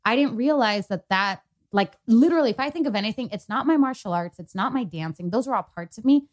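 This podcast co-host, a young adult woman, speaks briskly in a fairly high, expressive voice. She relays a personal story in relaxed conversation, quoting people and filling it with lots of fillers.

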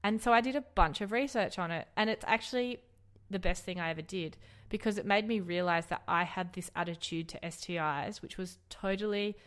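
A woman, co-hosting a casual, frank chat, blunt and quick to swear and laugh. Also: lowish voice. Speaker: podcast co-host.

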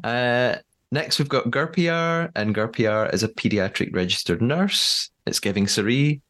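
A man's voice: medium pitch, lively intonation, unhurried, fairly bright tone. A man hosting a podcast in casual chat, chatty with frequent fillers and easy laughter. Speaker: podcast host.

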